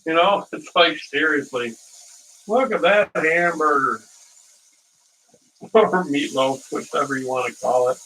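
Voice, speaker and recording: A man's voice: a little high, measured pace, pauses often, pushed and bright, a little hiss or hum. A man hosting a casual live cooking stream, rambling through stories and chuckling at his own dad jokes, from a distant mic.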